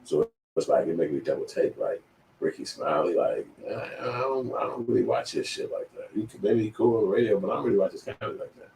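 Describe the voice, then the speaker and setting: A man's voice: on the low side, expressive, fast, creaky, a little mellow, echoey room, far from the mic, poor audio. A middle-aged man telling a personal story in a loose, profane, rambling way, full of restarts. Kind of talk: casual storytelling.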